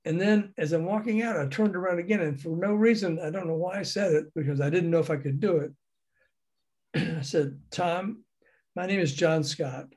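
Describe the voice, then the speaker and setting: This older man from the American South has a slightly high voice and recounts his music industry career as an interview guest. He's animated, laughs a lot, and performs the voices of the people in his stories.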